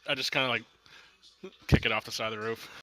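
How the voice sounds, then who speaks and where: Low, flat male player, bright tone, laid-back and halting. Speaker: tabletop game player. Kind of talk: casual tabletop role-play talk.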